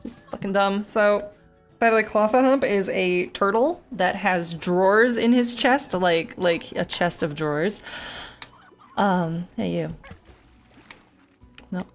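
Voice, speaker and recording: A woman streamer in casual gameplay commentary, telling stories in a chatty, animated way and swearing often. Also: medium pitch, slow pace, pauses often, soft background music.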